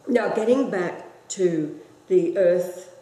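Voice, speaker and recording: Low, mellow-voiced female co-host, measured and calm, with roomy echo. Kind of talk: casual chat.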